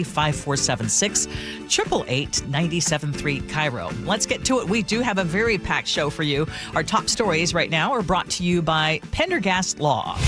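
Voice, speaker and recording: A woman hosting a radio talk show, upbeat and enthusiastic, on a studio mic. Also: medium pitch. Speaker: radio host.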